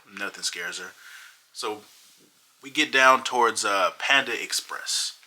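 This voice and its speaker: A man telling a funny personal story in a casual, animated way. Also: on the low side, poor audio. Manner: animated, dramatic retelling. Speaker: vlogger.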